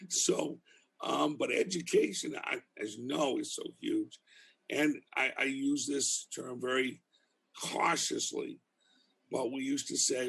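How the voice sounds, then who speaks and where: A Boston-accented criminal justice professor in his fifties speaks as a guest in a casual podcast conversation, blunt and full of anecdotes, often restarting phrases. His mid-range voice is steady, slow, creaky, a bit bright and slightly rough.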